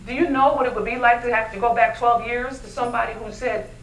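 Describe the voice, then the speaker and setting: A woman giving a motivational keynote speech at a luncheon, animated and constantly asking the audience questions. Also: on the high side, fast, slight background noise. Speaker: keynote speaker. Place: luncheon event hall. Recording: echoey hall, mic from far off.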